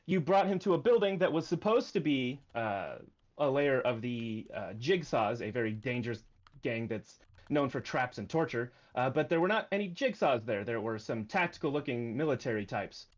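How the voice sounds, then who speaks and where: Male GM, mid-pitched, halting recap delivery, muffled stream mic. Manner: hesitant, many uh fillers. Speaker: game master. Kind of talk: narrating a tabletop game stream.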